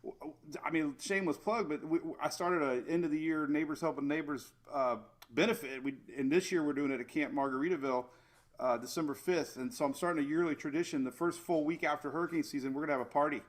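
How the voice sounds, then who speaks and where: A man who runs a weather page, chatting casually as a guest on a live show and stopping often to restart his sentences. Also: on the high side. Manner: laid-back, halting, self-interrupting.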